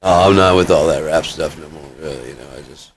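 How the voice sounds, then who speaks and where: A man's voice: rumbling low, brisk, slight background noise. A man in a rambling casual monologue, swearing freely and joking at his own expense. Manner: profane, joking, self-mocking. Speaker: vlogger.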